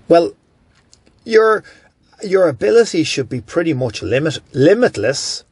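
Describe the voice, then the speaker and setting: A man's voice: fairly high pitch, big pitch swings, slow pace, breathy edge, dry recording. Blunt, emphatic man hosting a podcast. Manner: emphatic, blunt, self-correcting. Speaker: podcast host. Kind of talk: solo motivational podcast monologue.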